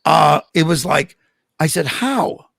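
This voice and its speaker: An older man, a guest on a podcast, telling animated stories in casual conversation and acting out the voices of the people in them. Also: fairly high pitch, moderate pace, gravelly, dry recording. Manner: animated anecdotes with acted-out quotes. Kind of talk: casual storytelling interview.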